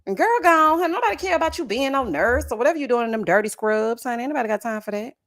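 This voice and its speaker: A woman's voice: fairly high pitch, racing. A middle-aged woman, hosting casual, dramatic reaction commentary and reading viewer comments with sass and laughter. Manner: sassy, dramatic, laughing, calls viewers honey and child. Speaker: reality TV commentary host.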